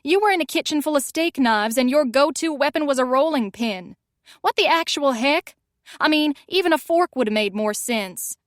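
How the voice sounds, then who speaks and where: A woman's voice: high-pitched, animated, moderate pace, no echo, clean studio sound, pitched above the performer's own voice. Woman voicing a sassy, mocking young woman. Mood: indignant. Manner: mocking and dramatic. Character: sassy blunt young woman friend, quick-tongued.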